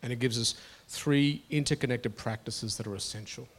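A man's voice: mid-range voice, normal speed, slightly rough. A middle-aged man preaching a sermon to his congregation in an earnest, conversational way, often restarting his phrases. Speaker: pastor.

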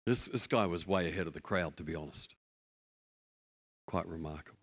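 A man preaching a sermon, telling a story with lively asides and acted-out voices. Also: deep voice, normal speed, pauses often. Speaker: pastor.

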